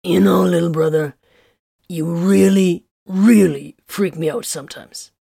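A woman voicing a gruff, flat-spoken male battle priest with a curt, deadpan manner in an audiobook story. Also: on the low side, unhurried, no echo, clean studio sound, full character voice.

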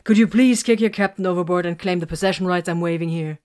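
A woman reading a storybook, voicing a sarcastic, wounded young male soldier who mumbles low. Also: quick pace, darkish tone, natural voice.

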